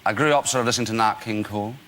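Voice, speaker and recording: A man's voice: fairly low pitch, racing, fairly bright tone, a little hiss or hum. A man in his forties with a Northern Irish accent, a talk show guest telling self-deprecating stories with lots of hesitations. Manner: self-deprecating, hesitant with many "uh"s, laughing often. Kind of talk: chatty anecdotes on a talk show.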